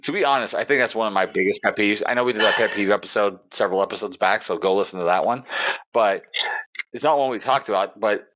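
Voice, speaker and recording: A man with a fairly low voice hosts a casual podcast chat. He reads posts aloud and launches into profane rants, laughing often along the way. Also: fast, a bit bright. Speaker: podcast host.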